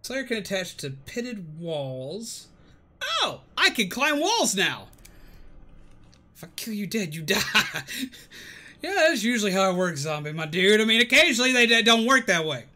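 A man's voice: high-pitched, big pitch swings, measured pace, bright, forceful tone. A man streaming a game, chatting playfully, talking to enemies and making sing-song noises. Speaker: gaming streamer. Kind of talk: casual gameplay commentary. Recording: game music behind the voice.

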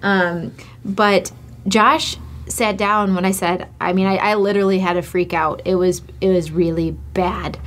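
A woman's voice: fairly low pitch, fairly even intonation, measured pace. A woman from Michigan, co-hosting a casual chat with her husband, telling a personal story in a candid, heartfelt way. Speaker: co-host, host's wife.

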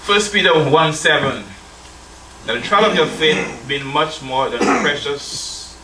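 Unhurried and lively in intonation, this church elder's voice is a little high with a sharp tone. He reads scripture in his sermon, addresses his listeners as brethren, and prompts their replies. A little hiss or hum sits under the roomy, distant-mic sound.

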